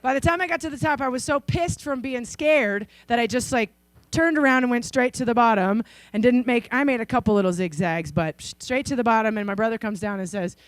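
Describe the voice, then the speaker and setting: Lively storytelling woman in her forties. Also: on the high side, fairly quick, no room sound. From Idaho, USA. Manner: lively, acts out the voices of people in her stories. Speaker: keynote speaker. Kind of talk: storytelling speech. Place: conference stage.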